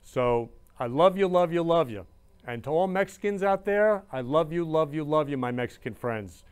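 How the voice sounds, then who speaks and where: A man's voice: fairly high pitch, lively intonation, moderate pace, clean tone. Gushing emotional male show host. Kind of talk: casual live-stream talk.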